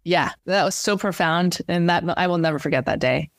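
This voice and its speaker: A woman's voice: on the low side, fairly quick, no echo, studio quality. A woman talking candidly and animatedly as an interview guest, with many fillers and restarts. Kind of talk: casual interview chat.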